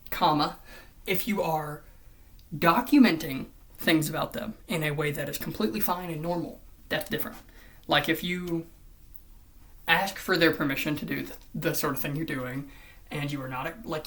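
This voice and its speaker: A vlogger ranting in commentary style, swearing often and swinging between loud outbursts and hushed near-whispers. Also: mid-range voice, fairly even intonation, normal speed.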